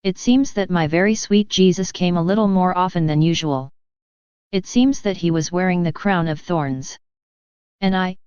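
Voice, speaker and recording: A woman giving a devotional reading of a mystic's diary in an earnest, steady first-person manner, with slightly muffled lo-fi sound. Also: lowish voice, clean tone, dry recording.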